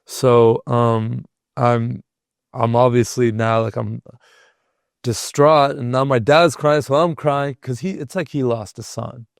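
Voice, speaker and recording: A man's voice: mid-range voice, fairly even intonation, slow pace, gravelly, dry recording, clean studio sound. A young man, a podcast guest, telling a personal story in a casual, rambling way with lots of "like". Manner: rambling, heavy use of filler "like".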